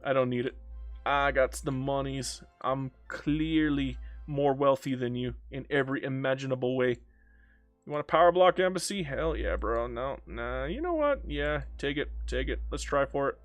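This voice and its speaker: A man's voice: mid-range voice, moderate pace, no room sound, soft background music. A young man giving goofy, teasing let's-play commentary, haggling aloud with the game and calling everyone bro. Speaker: strategy game player.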